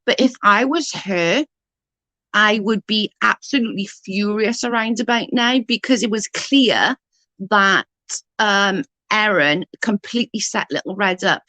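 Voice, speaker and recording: A woman's voice: medium pitch, lively intonation, unhurried, sharp tone, no echo. A woman ranting in outrage on a live stream, answering chat as she goes.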